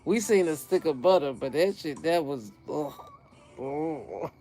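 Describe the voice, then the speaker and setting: A woman's voice: low voice, animated, a little slow, mellow, slight background noise. A woman hosting a gardening channel, chatting casually and profanely on a livestream and laughing often.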